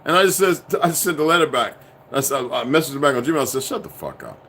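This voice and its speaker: A man hosting a casual livestream, rambling and profane, dropping from low muttering to loud outbursts. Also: fast talker. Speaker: livestream host.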